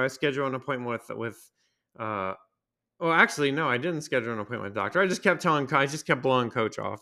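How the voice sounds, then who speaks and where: A man's voice: mid-range voice, fairly bright tone. A man hosting a podcast, telling a rambling, profane, self-mocking story with frequent laughs. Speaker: podcast host. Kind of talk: casual storytelling monologue.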